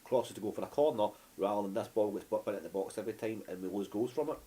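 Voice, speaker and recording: Scottish man, co-host, casual chat, lower voice, fast, filler-heavy. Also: dark tone. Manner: reads viewer comments, trails off with fillers. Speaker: co-host of a fan live show.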